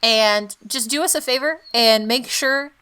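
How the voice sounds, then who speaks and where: A young woman co-hosting a podcast in casual chat, teasing, chatty and quick to laugh. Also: a little high, pushed and bright, clean tone. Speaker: podcast co-host.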